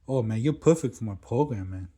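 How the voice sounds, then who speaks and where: A man voicing a pushy, smooth-talking hustler who works on a stranger, with broken grammar and "man" at the end of every phrase. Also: medium pitch, animated, fairly quick, warm tone, close to an everyday voice. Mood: pushy, wheedling. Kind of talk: acted quote in a casual story.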